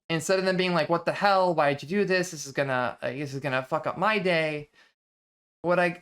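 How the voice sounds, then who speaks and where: In a relaxed, reflective lecture-style stream, an adult vtuber who runs a book reading series works through ideas thoughtfully and conversationally, frequently starting over. Their mid-range voice has a slightly bright quality.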